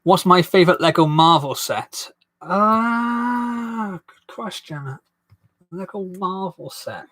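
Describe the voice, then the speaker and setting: Chatty man with a bright voice. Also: high voice, animated, takes it slowly. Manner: chatty, rambling and self-deprecating, reads viewer comments aloud. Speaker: live-stream host building a toy set. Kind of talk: casual live-stream chat.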